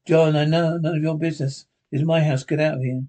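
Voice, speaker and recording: A man's voice: fairly high pitch, steady tone, brisk, mellow, natural voice. A man playing a tense, secretive young husband who answers curtly and defensively, in 1930s radio acting. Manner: curt, defensive, agitated.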